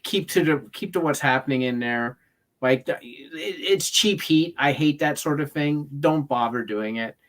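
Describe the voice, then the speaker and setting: A man co-hosting a casual chat, blunt and opinionated, with quick asides and stammered restarts. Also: on the high side, a bit bright. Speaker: co-host.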